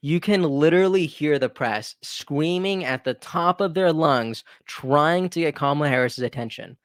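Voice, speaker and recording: A man's voice: on the high side, normal speed, no echo, studio quality. A man hosting his own commentary video, talking casually with emphatic asides and frequent restarts. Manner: conversational, repetitive restarts, emphatic rhetorical asides. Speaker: political commentary host.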